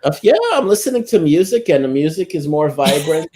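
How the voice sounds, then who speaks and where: A man chatting casually, halting and full of fillers and restarts. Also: fairly high pitch, animated, a loud crowd. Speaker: guest. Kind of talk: casual chat.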